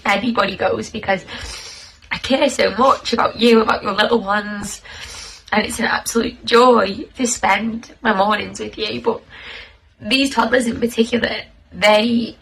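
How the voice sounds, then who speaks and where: A young woman, thanking her class's families in a tearful, halting, heartfelt way. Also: mid-range voice, creaky, a bit bright, a little hiss or hum, low-quality recording. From North West England. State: tearful, close to crying. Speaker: toddler class leader. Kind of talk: casual thank-you message to parents.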